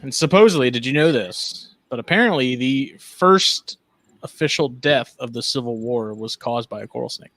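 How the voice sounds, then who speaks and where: A man co-hosting a casual podcast chat, telling stories in an animated, musing way. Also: medium pitch, normal speed, no echo. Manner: animated storyteller, muses aloud. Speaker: podcast co-host.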